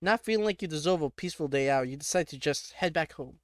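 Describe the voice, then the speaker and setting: A young man reading a text adventure aloud, breaking off into quick, joking asides. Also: a little high, expressive, dry recording, clean studio sound. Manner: reads narration then reacts in quick, joking asides. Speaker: gamer.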